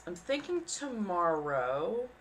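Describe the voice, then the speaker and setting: A young woman from the US West Coast chatting casually on a livestream, quick and self-mocking, often slipping into exaggerated voices when she acts out other people. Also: fairly low pitch, very animated, slight background noise. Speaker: streamer.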